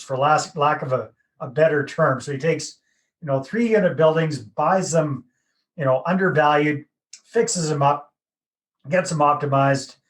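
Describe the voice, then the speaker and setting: A man hosting a podcast from Canada, running a casual, jokey interview in an upbeat, chatty way. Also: on the high side. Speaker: podcast host.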